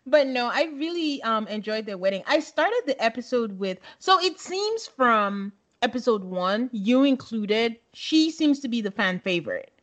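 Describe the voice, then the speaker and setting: Giggly woman podcaster, slightly high voice. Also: very animated, measured pace, hardly any pauses, a bit bright. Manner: laughs often, reasons things out with many "like"s. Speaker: podcast co-host. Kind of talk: casual chat recapping a reality show.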